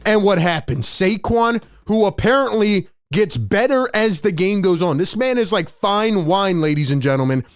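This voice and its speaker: A high-pitched man delivers an animated postgame sports rant. He jumps into shouted bursts and acts out the players' voices. The recording is dry and close, with no room sound. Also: normal speed, hardly any pauses, clear, resonant tone, dry recording. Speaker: sports show host.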